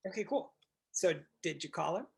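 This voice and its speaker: Over a video call, a blunt male real estate coach addresses his group, getting animated, acting out little scenes and swearing freely. His voice is a little high and creaky, and he speaks at normal speed.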